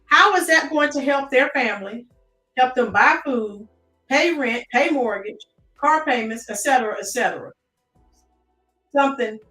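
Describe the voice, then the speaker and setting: A woman's voice: sits high, sharp tone, echoey room, far from the mic. An American woman hosting a live-stream commentary, chatting and greeting her chat viewers by name. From United States.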